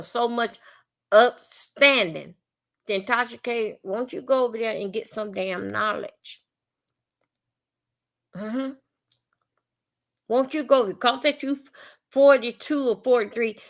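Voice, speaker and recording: A woman's voice: medium pitch, a bit bright. A woman from Florida with a Southern accent, ranting bluntly and profanely on a live stream, rambling and repeating herself. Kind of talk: live-stream commentary rant.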